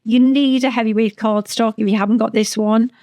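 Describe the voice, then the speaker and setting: A woman's voice: fairly high pitch, steady tone, fairly quick, warm tone, no echo. A woman as a craft educator, chatty and enthusiastic, talking through a craft tutorial with frequent restarts.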